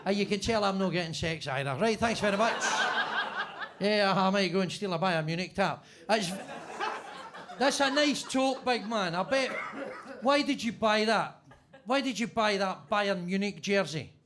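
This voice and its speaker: High-voiced brash comic. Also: male voice, animated, moderate pace, crowd noise. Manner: brash, swearing, teasing the audience. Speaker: stand-up comedian. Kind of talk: stand-up crowd work. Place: basement comedy club.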